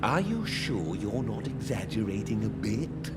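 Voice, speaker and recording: An actor playing a genial, oddly cheerful shopkeeper who relishes fine food, speaking theatrically. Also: male voice, lowish voice, sing-song, measured pace, over loud music. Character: jovial male gourmand shopkeeper, oddly cheerful.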